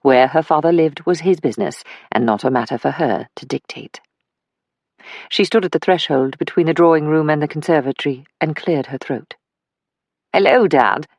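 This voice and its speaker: A narrator reads a mystery novel at a measured, even pace. The sound is dry and close, with no room around the voice. The pitch sits in an ordinary middle range. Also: no echo. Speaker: audiobook narrator. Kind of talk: scripted audiobook narration.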